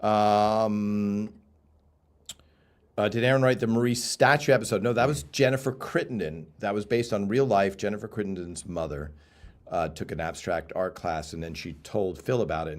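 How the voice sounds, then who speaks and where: A man, a comedy writer appearing as a guest, rambling through casual anecdotes and acting out the lines of the people in them. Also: low-pitched. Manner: rambling, acts out quotes from his stories. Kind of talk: casual anecdotes on a live stream.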